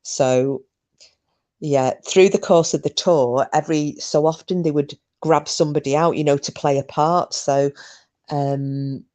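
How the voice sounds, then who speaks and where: A woman's voice: low-pitched, a little mellow. A woman hosting a podcast, telling a story in a chatty, rambling way with frequent ums. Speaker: podcast host. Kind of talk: casual chat.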